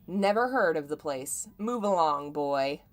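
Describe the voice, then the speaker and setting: A woman reading the lines of a gruff, rough-edged male pilot in a loud, brusque, swearing manner, with a put-on Southern drawl. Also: low-pitched, lively intonation, measured pace, soft background music, voice pushed down.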